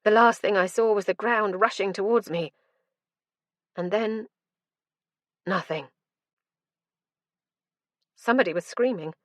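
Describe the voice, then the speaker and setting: A woman's voice: mid-range voice, a little slow, pauses often, no echo. A woman narrating a first-person fantasy audiobook in an intense, dramatic storytelling manner.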